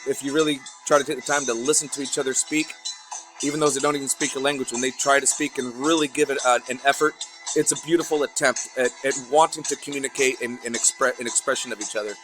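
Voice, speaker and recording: A man's voice: mid-range voice, steady tone, quick pace, low-quality recording. A man from the United States with a Southern American accent, hosting a vlog in a rambling, chatty way with many asides. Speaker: vlog host. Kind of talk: casual commentary on a screen share. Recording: talking over loud music.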